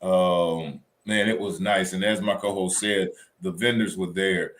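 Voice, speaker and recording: A man co-hosting a casual chat show, telling weekend stories in an animated, colloquial way. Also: low voice, measured pace. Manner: animated storytelling, Southern colloquial. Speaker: co-host.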